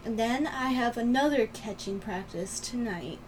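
A woman's voice: on the high side, expressive, normal speed, recorded from a distance, a little hiss or hum, poor audio. A young woman co-hosting a podcast, rambling and giggly in casual chat, her voice a little sore and strained. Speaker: podcast co-host.

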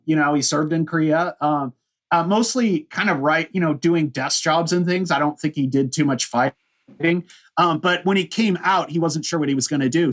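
This man's fairly high, fairly bright voice carries a casual podcast history overview. He rambles, restarts and fills his talk with lots of "you know."

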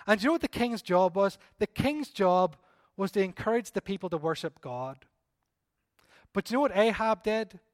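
A male pastor delivering an animated, emphatic sermon to his church, often pleading and repeating phrases. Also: sits high, no echo, studio quality. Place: church service.

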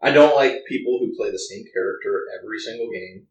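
A man's voice: fairly low pitch, fast talker, recorded from a distance. Blunt man in an echoey room. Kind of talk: casual podcast chat. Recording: roomy echo, from the mic.

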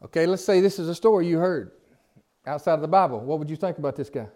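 A man's voice: fairly high pitch, animated, quick pace, darkish tone. A man teaching a Bible study in a conversational way, reading scripture aloud and then putting questions to his group in informal, folksy phrasing.

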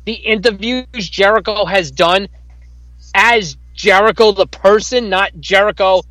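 A man's voice: sits high, a little slow, sharp tone, no echo, poor audio. A man co-hosting a casual podcast, arguing his point emphatically and swearing often. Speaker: podcast co-host. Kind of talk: casual wrestling chat.

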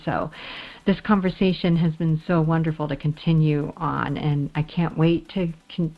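Woman, podcast host, casual chat, gushing, slightly low voice, dull audio. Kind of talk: casual interview.

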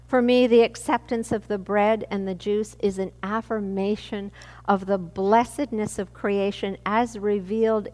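A woman pastor giving a sermon with a measured, reflective delivery. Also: mid-range voice, darkish tone, long reverb tail.

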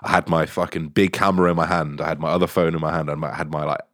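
A man's voice: rumbling low, little pitch movement, very fast, dry recording, studio quality. A young man, an online coach, telling stories casually and animatedly, swearing and laughing along the way. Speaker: online fitness coach, guest. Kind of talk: casual podcast storytelling.

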